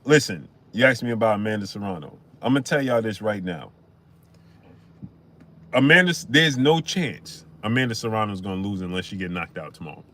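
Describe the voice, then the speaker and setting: A man hosts a casual live stream about boxing, greeting viewers from the chat by name. His voice sits fairly low, and he talks in a loose, animated way. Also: fairly quick. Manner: shouts out chat names, chatty and animated.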